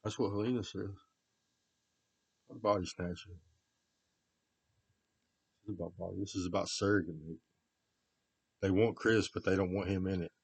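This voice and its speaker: A man talking unscripted to himself and others, rambling, drifting from low muttering to repeated loud shouts. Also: fairly even intonation, moderate pace, vocal fry, long pauses, breathy edge, no room sound, low-quality recording.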